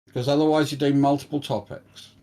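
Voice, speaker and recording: A man's voice: on the high side, level tone, fast talker, warm tone. A man in a heated online debate, blunt and pushing for a short answer. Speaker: debate panelist.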